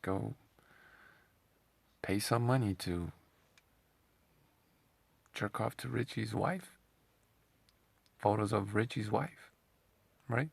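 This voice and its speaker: A low, gravelly man talks slowly through a scornful commentary rant. His voice is husky and deep, and he mocks his subject with rambling sarcasm. The sound is close and dry. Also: dry recording. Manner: rambling, repeats himself. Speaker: commentary channel host. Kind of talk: opinionated commentary monologue.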